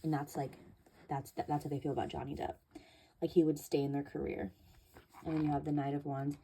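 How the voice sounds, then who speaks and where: A woman with a low, mellow voice talks through a tarot reading in a loose, chatty way. She fills her speech with ums and likes and swears casually. A faint hiss sits under her voice. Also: steady tone, fairly quick. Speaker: tarot reader.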